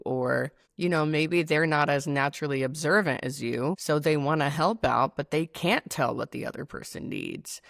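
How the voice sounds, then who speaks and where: Low-voiced woman hosting a chat. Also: gravelly, no room sound, clean studio sound. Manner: thoughtful, rambling, many restarts. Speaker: podcast host. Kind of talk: casual conversation.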